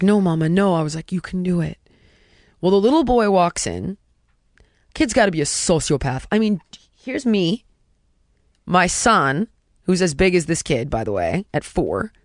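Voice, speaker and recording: A woman in her thirties telling a personal story in casual conversation, animated and emphatic, stringing rhetorical questions and dropping to a hush for quoted words. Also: low voice, creaky, no room sound, clean studio sound.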